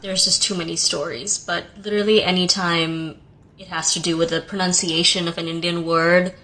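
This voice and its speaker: A woman with a lowish, bright-toned voice talks to camera. She sounds exasperated and resigned. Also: level tone, normal speed, low-quality recording. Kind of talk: casual talk to camera.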